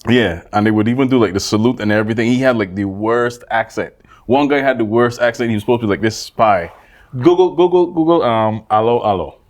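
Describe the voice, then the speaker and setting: A man's voice: mid-range voice, a little fast. A man co-hosting a casual podcast chat, telling rambling stories and backing his partner up with a stream of "yeah, yeah.". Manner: rambling storytelling, constant "yeah yeah" backchannels. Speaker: podcast co-host.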